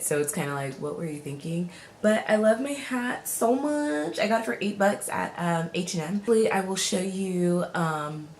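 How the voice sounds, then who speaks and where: A woman's voice: lowish voice, a bit bright, slight background noise. A young woman vlogging casually from her car into a phone camera, chatty and giggly, full of "um" and "like". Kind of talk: casual vlog chat. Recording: music playing clearly behind. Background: music.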